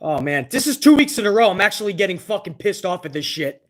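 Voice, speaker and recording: A man's voice: high voice, big pitch swings, fast. A man hosting a live reaction stream, commenting on wrestling with exasperated, profane rants.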